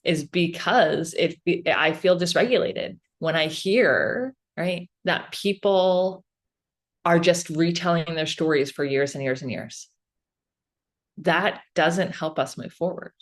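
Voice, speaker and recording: A woman's voice: sits low, takes it slowly. A woman guest on a podcast, explaining ideas in a casual, earnest way and often checking in with "right?".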